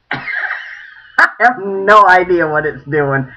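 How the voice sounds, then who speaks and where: A woman's voice: fairly low pitch, animated, very slow, pushed and bright. A woman casually telling a story in a chatty vlog, laughing often as she talks. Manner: chatty, giggly, many laughs. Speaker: vlogger. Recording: dull lo-fi recording.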